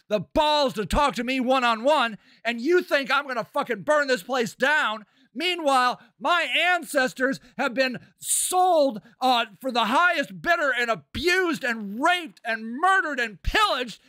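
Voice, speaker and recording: High-pitched man on an impassioned rant. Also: no room sound, studio quality. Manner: heated, profane, swings from shouting to muttering. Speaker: podcast host.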